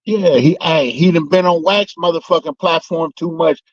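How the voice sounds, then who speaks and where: A man's voice: a little high, moderate pace, no room sound. A man co-hosting a podcast in casual chat, laid-back and backing up his partner with street slang. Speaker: podcast co-host. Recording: slightly dull, dry lo-fi sound.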